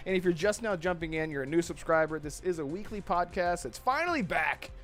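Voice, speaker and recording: A high-pitched man hosts a casual live podcast, chatting loosely and laughing a lot. He stumbles over his words and restarts often. Faint music plays under the talk. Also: expressive, fairly quick, a bit bright. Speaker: podcast host. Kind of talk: casual live-stream chat.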